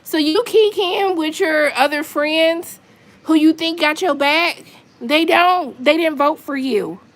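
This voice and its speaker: A woman's voice: sits high, slow pace. A woman chatting casually on a live stream from her apartment, venting in an exasperated way with lots of asides. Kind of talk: casual chat to viewers.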